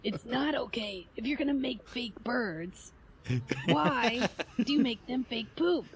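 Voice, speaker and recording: Lady playing grumpy old guy christopher, blunt and outraged, kinda high voice. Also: animated, a little slow. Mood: indignant. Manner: indignant, laughing, blunt. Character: cranky old man named Christopher. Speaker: player. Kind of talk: tabletop role-play, in character.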